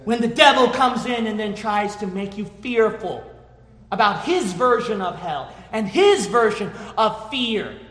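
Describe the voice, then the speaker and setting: A male preacher delivering a fervent sermon, high and bright in tone, building from quiet talk into shouted emphasis. His voice rings through a church hall with long, echoing reverb. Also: expressive, measured pace.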